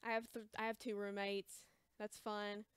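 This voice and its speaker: Hesitant young woman, crisp dry voice. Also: medium pitch, level tone, moderate pace, no room sound. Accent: American. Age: young adult. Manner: hesitant, rambling, says she is quiet and awkward. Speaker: shop livestream seller. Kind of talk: casual livestream chat. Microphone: close mic, chewing gum.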